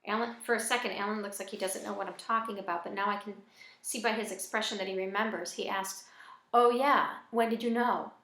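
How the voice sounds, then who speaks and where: A woman reading a first-person novel aloud in a plain, even storytelling manner. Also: medium pitch, fast talker. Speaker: audiobook reader. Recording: echoey room.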